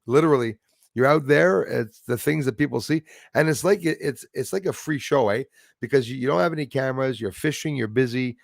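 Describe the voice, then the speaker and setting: A man's voice: medium pitch, a little fast, vocal fry, dry recording, clean studio sound. A man hosting a live stream, chatting casually, laughing easily and thanking viewers by name. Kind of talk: casual chat reading viewer comments.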